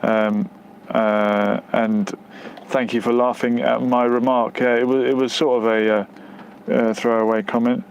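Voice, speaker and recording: A man of medium pitch speaks at a measured pace with little pitch movement, some slight noise in the background. On his casual live stream near West London's outskirts, he reads out comments from viewers and answers them haltingly, rambling with many fillers and restarts.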